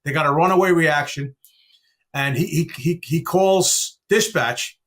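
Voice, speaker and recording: Animated storytelling man, higher voice. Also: a little slow. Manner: animated storyteller with chuckles and asides. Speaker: podcast host. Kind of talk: casual chat.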